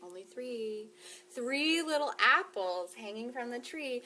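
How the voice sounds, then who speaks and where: A woman's voice: fairly high pitch, expressive, slow pace, pushed and bright, slight background noise. A woman leading a toddler storytime, reading and doing counting rhymes in a sing-song, playful way with whispers and gasps. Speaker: children's librarian.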